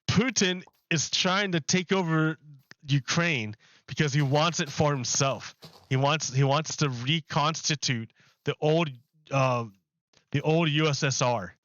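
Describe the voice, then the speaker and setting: This man is a game streamer rambling casually in his home apartment as he plays live, loose with his words. He speaks slowly in a voice that is a little high and a bit bright, recorded with no room sound and highs cut off.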